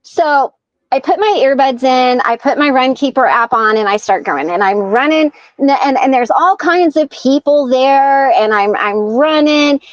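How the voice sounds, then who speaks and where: A woman with a high voice tells a story in a lively, chatty way and acts out each person's lines. Her voice sounds dry and close, with a slightly dull, lo-fi quality. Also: measured pace, dry recording. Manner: animated storyteller acting out quoted dialogue. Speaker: podcast guest. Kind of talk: casual storytelling.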